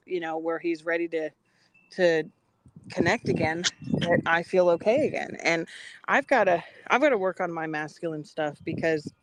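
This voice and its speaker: On a podcast, a woman co-host with a lowish voice chats casually about spiritual matters, telling animated stories full of acted-out quotes. There is a little hiss or hum in the recording.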